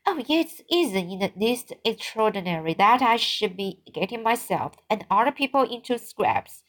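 A woman's voice: mid-range voice, sing-song, moderate pace, fairly bright tone. Brief: earnest, pleading teenage girl in an audiobook, read by a woman, apologetic and eager.

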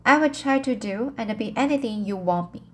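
A woman's voice: on the high side, lively intonation, brisk, a bit bright. A woman reading the part of an eager, imaginative orphan girl, earnest and pleading.

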